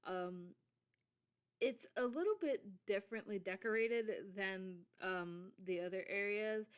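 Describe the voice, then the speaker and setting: A woman narrates a tabletop game as game master, talking casually through voice chat with plenty of ums and little laughs. Her voice is smooth and clear, recorded on a home microphone. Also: medium pitch.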